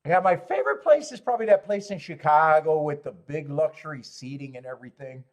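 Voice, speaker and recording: A man's voice: on the high side, lively intonation, a little fast. A man hosting a live horse racing stream, rambling and joking while greeting viewers in chat.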